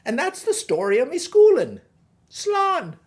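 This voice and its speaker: A woman's voice: high voice, wildly swooping pitch, unhurried, full character voice. Robbie, a woman playing a folksy Irish farmer. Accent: stage Irish. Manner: folksy, rambling storyteller. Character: chatty middle-aged male Irish pig farmer. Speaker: guest host. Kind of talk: comic monologue in character.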